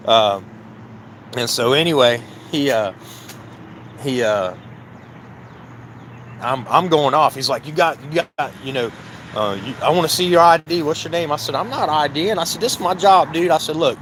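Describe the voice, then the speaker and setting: A man's voice: on the high side, fairly bright tone, a little hiss or hum. Indignant man telling a story outdoors. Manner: heated, indignant, repeats "I said" while reenacting a dialogue. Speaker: business owner recounting a police stop. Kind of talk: casual storytelling to camera. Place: outdoors by a work trailer near a building.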